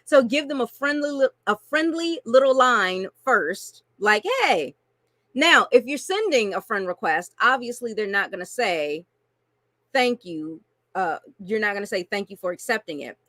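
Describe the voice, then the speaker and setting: A woman's voice: medium pitch, lively intonation, unhurried, a bit bright, no room sound. A woman coaching online marketers through a screen-share tutorial, chatty and casual, often checking in with "right?" and "okay?".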